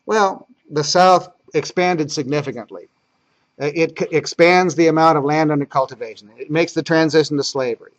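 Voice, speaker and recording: A man's voice: on the high side, moderate pace, low-quality recording. A man teaching a history class as lecturer, talking conversationally and repeating key points for emphasis.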